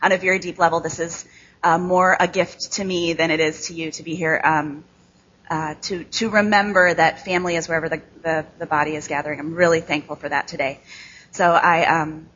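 Brief: thirties Midwestern woman, nasal and bright, a little husky, casual halting speech, dull lo-fi recording. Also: low-pitched, fairly even intonation. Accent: American Midwest. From Chicago, USA. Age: 30s. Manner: candid, self-deprecating, halting with many ums. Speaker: guest speaker. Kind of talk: conversational speech to a church audience.

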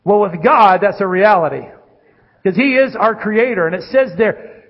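A man preaching a sermon in a high, husky voice. He swings between ringing calls and quiet, hushed lines, and the audio sounds dull and muffled. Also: normal speed. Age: adult with children. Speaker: pastor.

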